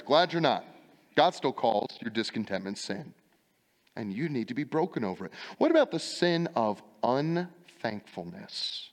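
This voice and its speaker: A male pastor preaching a sermon, firing rhetorical questions and repeating his refrains with emphasis. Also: mid-range voice. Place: church sanctuary. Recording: long church reverb.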